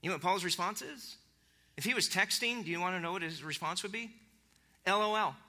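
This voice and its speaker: A man preaching a sermon, animated, acting out quotes with big jumps in pitch. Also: fast. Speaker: pastor.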